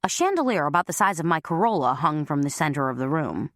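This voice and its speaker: Woman narrator, low lively voice, wry, dry close mic. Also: quick pace, dry recording. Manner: wry, conversational. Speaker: audiobook narrator. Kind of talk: first-person humorous narration.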